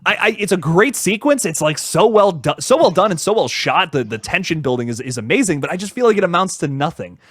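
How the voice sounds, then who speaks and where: A man with a fairly high voice that swings widely as he talks films. He chats in a loose, animated way, restarting sentences and swearing casually. The sound is dry and close. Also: fairly quick, hardly any pauses, no room sound. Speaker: channel host. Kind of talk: casual movie review chat.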